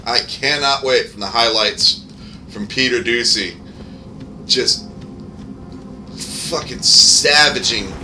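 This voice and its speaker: A man's voice: medium pitch, slow, long pauses, sharp tone. Profane ranting man in his thirties. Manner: profane, rambling, heated rants. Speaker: gaming channel host. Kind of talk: ranting casual commentary. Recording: noisy home recording.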